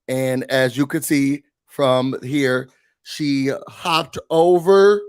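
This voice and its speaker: A man hosting a mock office meeting in a faux-serious, deadpan manner, breaking into put-on emotion now and then. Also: mid-range voice, drawn-out words, smooth. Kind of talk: comedic mock corporate briefing.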